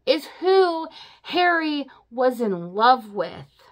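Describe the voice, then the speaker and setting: A woman's voice: mid-range voice, measured pace, a bit bright. A young adult woman recapping a novel for her viewers in a casual, chatty way, full of "you know" and "like" and openly emotional about the story. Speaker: book reviewer. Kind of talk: casual spoken book recap.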